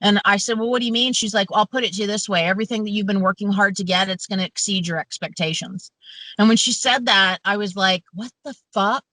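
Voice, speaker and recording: A woman's voice: mid-range voice, fast, sharp tone, no room sound, rough recording. A woman chatting casually as a podcast guest, blunt and sweary, laughing often. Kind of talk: casual chat.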